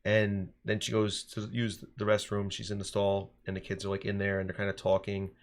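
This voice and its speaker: A man in his thirties with a fairly low voice talks through a casual podcast discussion as a teacher. He tells stories in an animated way and often restarts his sentences. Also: fairly quick. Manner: animated storytelling, frequent restarts.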